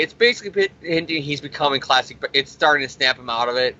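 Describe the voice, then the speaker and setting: A man with a high, bright voice rambles through a comic recap, swearing freely and dripping sarcasm. He hosts his own review show. The sound is dull and lo-fi. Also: steady tone, fast. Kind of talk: casual profane comic recap. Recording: dull lo-fi recording.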